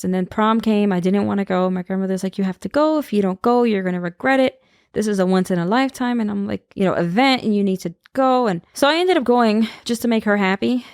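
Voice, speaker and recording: A woman's voice: fairly low pitch, a little mellow, dry recording, studio quality. A woman guest on a podcast, telling a personal story in casual conversation and acting out the people she quotes.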